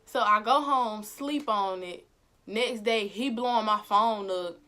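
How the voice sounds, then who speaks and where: Young woman telling a story, animated and slangy. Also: medium pitch, takes it slowly. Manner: animated and slangy, acting out the exchanges. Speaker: vlogger. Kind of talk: casual storytelling.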